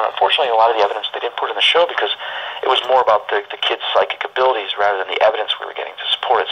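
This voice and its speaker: A man's voice: on the low side, breathy edge. A man telling a personal story in a casual, rambling, emotional way, full of restarts, on dull lo-fi audio.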